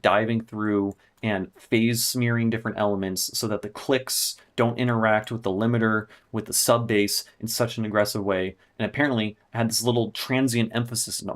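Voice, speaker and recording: A young man, a music producer on a live stream, thinking aloud and swearing in frustration as he fixes a mix. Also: fairly low pitch. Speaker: music producer streaming his mixing session. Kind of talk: casual live-stream talk.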